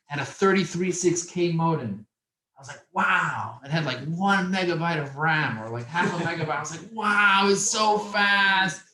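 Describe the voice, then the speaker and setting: A man's voice: a little high, normal speed, roomy sound, a crowd in the background, poor audio. A man teaching a business class to a room of young men, telling stories and asking them questions. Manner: animated storyteller, asks the room questions. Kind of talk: lively classroom talk. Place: classroom with audience.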